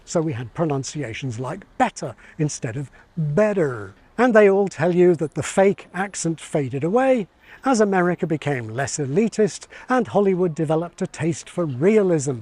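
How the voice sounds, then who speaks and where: A man giving scripted educational narration, measured and explanatory with a light ironic edge. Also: a little high, very animated, darkish tone, no echo. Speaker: video essayist on accents.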